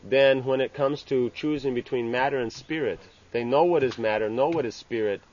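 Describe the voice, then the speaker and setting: A man giving an informal scripture class. He speaks haltingly, restarting phrases and tagging lines with "you know". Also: mid-range voice, a little mellow. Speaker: religious teacher. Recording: dull lo-fi with faint ambient hiss.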